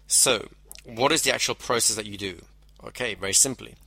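A man teaches hypnosis in a measured, explanatory way, stretching out the phrases he wants to stress. His voice is low-pitched but bright and forward, recorded dry and close with no room sound. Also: creaky, no echo. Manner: measured, explanatory, with slowed emphasis on key phrases. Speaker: hypnosis instructor. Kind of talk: teaching lecture.

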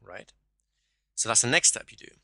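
A man's voice: normal speed, sharp tone, no echo. A man coaching a caller one-to-one, explaining exercises step by step and often checking in with "right?".

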